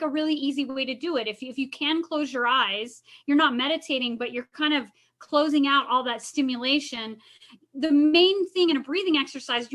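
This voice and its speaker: A woman's voice: high voice, pushed and bright. A woman counselor leading a casual wellness lesson over a video call, chatty and encouraging. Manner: chatty, encouraging, uses "kinda" and "like" often.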